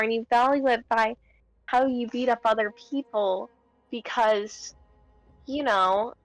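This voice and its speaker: Young woman player, chatty and meandering, bright-pitched, dry. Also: no echo. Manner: rambling, chatty, filler-heavy. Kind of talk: casual tabletop role-play.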